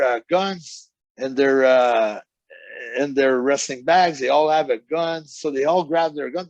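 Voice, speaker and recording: A man's voice: on the high side, dry recording, highs cut off. Man telling rambling stories. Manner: rambling anecdotes with quoted voices. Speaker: wrestler guest. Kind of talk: casual storytelling interview.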